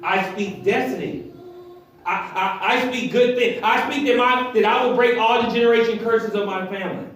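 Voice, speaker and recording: Animated pastor preaching in an echoey hall. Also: male voice, extremely high pitch, a little fast, few pauses, dull audio. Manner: lively, animated preaching, acts out voices. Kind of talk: sermon. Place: church hall. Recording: echoey hall, heard from far.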